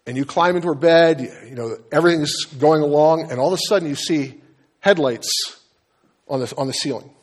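A man's voice: on the high side, fairly quick. Middle-aged pastor guy preaching, acts out the voices in his stories, stumbles and restarts a lot. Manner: storytelling preacher, acts out dialogue, frequent restarts. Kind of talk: sermon.

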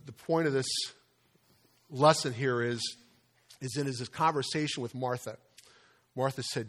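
An older man gives a sermon as if chatting with his listeners, stopping and restarting his sentences. His voice sinks soft on the sad parts and rises high on the questions he asks. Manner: conversational storytelling with frequent fillers and restarts. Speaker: preacher.

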